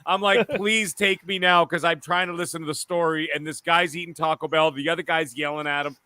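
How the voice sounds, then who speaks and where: A man co-hosting a casual gaming podcast, telling stories in an animated, profane way. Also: fairly high pitch, fast, dry recording. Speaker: podcast co-host.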